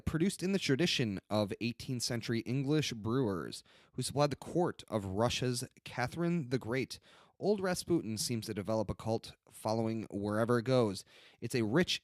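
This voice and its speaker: A man's voice: on the low side, dry recording, studio quality. A young man co-hosting a casual beer-tasting podcast, rambling with fillers and restarts as he reads out beer descriptions. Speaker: podcast co-host reviewing beers.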